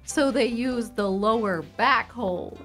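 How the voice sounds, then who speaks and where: A woman's voice: on the high side, unhurried, fairly bright tone. A woman streamer chatting casually while gaming, giggling and rambling through explanations. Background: game music.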